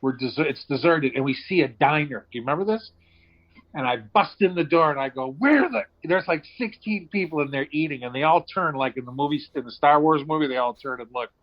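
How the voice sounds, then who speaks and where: A man telling comic road stories in casual chat, acting out voices with loud outbursts. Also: a little high, fairly quick. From Boston area. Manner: animated storyteller, acts out voices with loud outbursts. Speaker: comedian guest. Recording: dull lo-fi sound.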